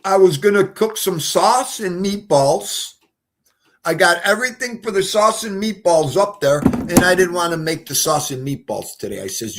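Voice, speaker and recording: A man's voice: high voice, lively intonation, normal speed, a bit bright. A man hosting a casual livestream chat, rambling and emotional as he talks to his guests and the chat. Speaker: livestream host.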